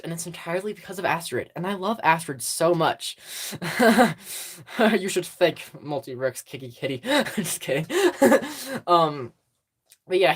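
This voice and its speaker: A chatty livestream host talking straight into a phone at home, giggling often and losing the thread. The voice is mid-pitched, and the talk wanders through fillers and restarts. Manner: rambling and giggly, full of fillers. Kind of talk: casual livestream chat with viewers.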